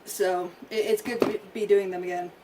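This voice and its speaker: A woman's voice: medium pitch, steady tone, fairly quick. A woman vlogger chatting casually to herself while she does her makeup. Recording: distant mic with faint room noise.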